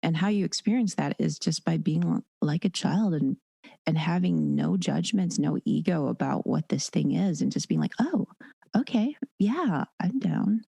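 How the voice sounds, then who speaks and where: A woman with a deep, gravelly and warm voice talks as an interview guest. She is animated and keeps slipping into quoted voices. The room sounds dry and close. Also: normal speed, no room sound. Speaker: dominatrix and educator guest. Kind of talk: casual podcast interview.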